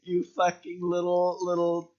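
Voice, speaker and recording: A scornful middle-aged cartel boss sneers with contempt, as a man puts him on. The voice sits fairly high and pushes loud. The recording is muffled and lo-fi. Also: monotone, a little slow. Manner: mocking, contemptuous.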